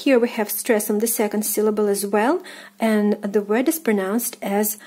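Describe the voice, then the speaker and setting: A woman's voice: mid-range voice, normal speed, dark tone. A native Russian woman with a Russian accent, teaching pronunciation patiently, repeating each word several times with frequent hesitant fillers. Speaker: language teacher. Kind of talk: pronunciation lesson.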